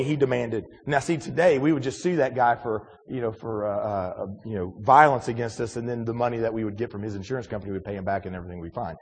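A man delivers a sermon in a conversational manner, stumbling through restarts and asking his congregation questions. His voice is somewhat high and slightly husky. A long reverb trails behind his words, as in a large hall. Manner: conversational preaching with many restarts and rhetorical questions. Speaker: pastor.

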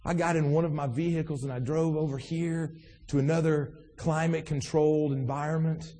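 Husky guy preaching, high pitched, lots of repeating himself, big echoey church. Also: fairly even intonation, fairly quick, mellow. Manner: repetitive, emphatic preaching with rhetorical questions. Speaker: pastor. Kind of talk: sermon.

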